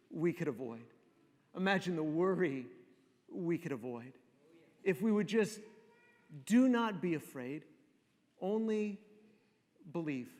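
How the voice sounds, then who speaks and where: A man preaching a sermon, repeating phrases for emphasis and dropping to soft, slow pauses. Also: sits high. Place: church sanctuary. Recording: long reverb of a church hall.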